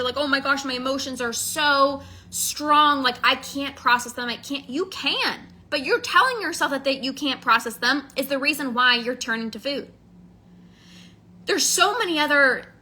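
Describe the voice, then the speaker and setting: A woman's voice: high-pitched, pushed and bright. A woman coaching in a casual, candid monologue, earnest and emphatic, often repeating phrases for stress. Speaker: emotional eating coach.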